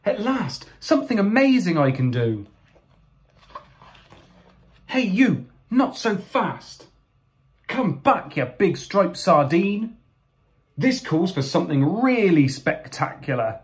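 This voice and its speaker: A man voicing an eager, restless young male raccoon hero in a storybook, with bouncy, dramatic, drawn-out exclamations. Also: fairly high pitch, big pitch swings, pitched above the performer's own voice. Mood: triumphant.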